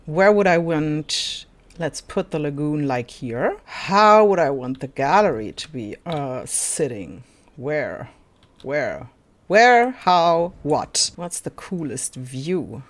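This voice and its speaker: A woman's voice: deep voice, big pitch swings, slow pace. A woman giving casual commentary while playing a park-building game, thinking aloud, giggling and answering her own questions. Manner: giggly and easily delighted. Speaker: gaming YouTuber.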